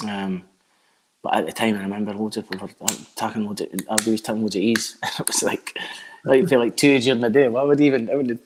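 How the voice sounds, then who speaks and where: A man's voice: on the low side, fairly even intonation, brisk, background noise. A Scottish man in his thirties, a band frontman chatting casually as a guest, rambling and swearing with lots of filler words. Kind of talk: casual chat.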